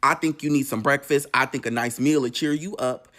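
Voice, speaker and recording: A man voicing a kindly uncle in a gentle, coaxing way, close to his own voice. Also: medium pitch, steady tone, brisk, natural voice. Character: kindly middle-aged uncle.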